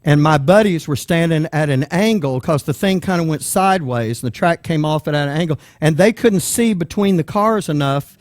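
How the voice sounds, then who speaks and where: A man preaching a sermon, telling a personal story with lively voices for the people in it. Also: a little high, normal speed, few pauses, dry recording, studio quality. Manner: animated storyteller, acts out voices in quotes.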